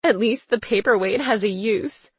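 A woman's voice: fairly high pitch, normal speed, breathy edge, no echo. A woman voicing a snide, gossipy young sorority woman with a mocking tone. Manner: mocking, snickering.

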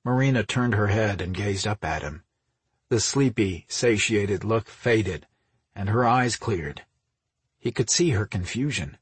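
A man narrating an audiobook in a steady, unhurried reading, close on the microphone. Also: on the low side, slightly rough, no echo. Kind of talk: scripted narration.

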